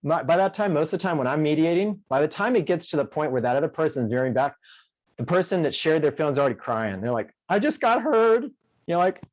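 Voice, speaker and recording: A man's voice: a little high, fast, a little mellow, no room sound, dull audio. A man working as a conflict mediator, talking in an interview and telling stories animatedly, acting out the voices of the people he quotes. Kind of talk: conversational interview.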